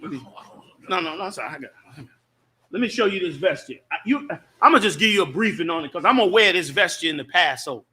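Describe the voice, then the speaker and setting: A man hosting a show and talking in a fiery, preachy way, swinging from loud, shouted points to low asides. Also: animated, fast talker, breathy edge. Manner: preachy and impassioned, rising to shouts, then dropping low. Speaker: show host and group leader. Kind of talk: fiery casual talk.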